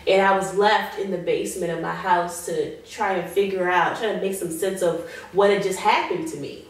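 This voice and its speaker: A woman being interviewed as a guest, giving an emotional personal testimony in an earnest way. She slows down on heavy moments. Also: lowish voice, fairly even intonation. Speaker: guest sharing her survival story. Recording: very echoey room, voice far from mic.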